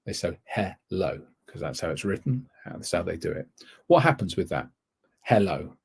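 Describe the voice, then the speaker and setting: A man lectures in a webinar for language-teacher trainees. His voice is deeply husky and breathy, sitting a little low. He rambles, restarts phrases and corrects himself as he goes. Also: big pitch swings, a little fast, a little mellow. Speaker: TEFL course tutor.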